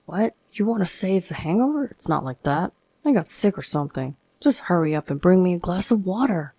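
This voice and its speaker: A woman's voice: fairly low pitch, animated, a little fast, warm tone, no echo. A woman voicing a scornful, bossy adult husband in a narrated story. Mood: irritated. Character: dismissive smug adult husband.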